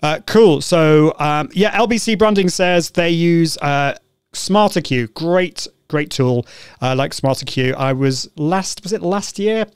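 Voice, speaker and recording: British male host, chatty and upbeat, smooth clear voice, dry close sound, mid pitch. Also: slow, no room sound. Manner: chatty, upbeat, frequent restarts and ums. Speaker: live show host. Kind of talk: casual live-stream tutorial.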